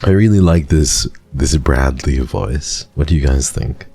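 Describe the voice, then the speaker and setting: A man's voice: extremely low pitch, steady tone, warm tone, breathy edge, faint music behind. A man in his twenties from Canada, streaming and chatting casually with viewers in a rambling way. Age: 20s. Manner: rambling, chatty, quick restarts. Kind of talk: casual chat with live chat.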